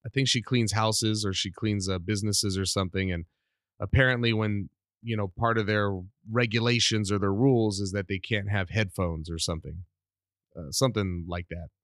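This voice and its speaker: A middle-aged man hosting a casual solo podcast, rambling and animated while under the weather with a cough. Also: fairly low pitch, normal speed, dry recording, clean studio sound. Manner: rambling, animated, self-deprecating. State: sick with a cough. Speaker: podcast host.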